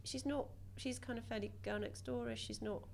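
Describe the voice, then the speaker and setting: A woman speaking as an author on a live panel, wry and lively, often restarting her sentences. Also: a little high, normal speed, a little hiss or hum.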